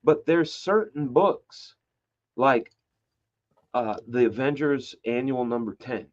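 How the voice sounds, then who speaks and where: A mid-pitched man chats loosely on a podcast, spinning stories with bursts of energy and plenty of swearing. He acts out other people's lines as he talks. The audio is a little dull and lo-fi. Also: slow pace. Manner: animated storyteller, swears, acts out quotes. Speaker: comic book artist guest. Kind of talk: casual podcast conversation.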